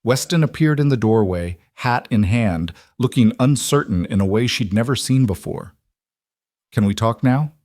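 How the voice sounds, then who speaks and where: Low-voiced man narrating a story. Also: expressive, normal speed, hardly any pauses, a little mellow, no room sound, studio quality.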